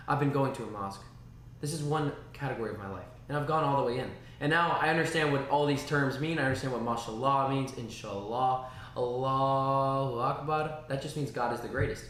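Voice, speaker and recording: A man streaming casually to his chat, rambling and animated, dropping spoken sound effects like "boom" between thoughts. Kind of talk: casual livestream talk. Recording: very echoey room, faint noise.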